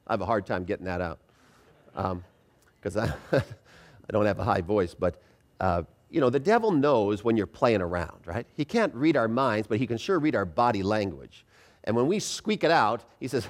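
A man preaching a sermon in a church, animated and calling on the congregation to answer him out loud. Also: fairly high pitch, normal speed. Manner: animated, calls for congregation responses.

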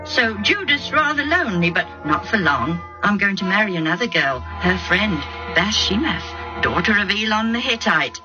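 A woman's voice: mid-range voice, very animated, normal speed, dull audio, music in the background, pitched above the performer's own voice, lightly acted. A woman voicing an impulsive young man who defends his plans to his parents in a raised, pleading tone. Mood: confiding.

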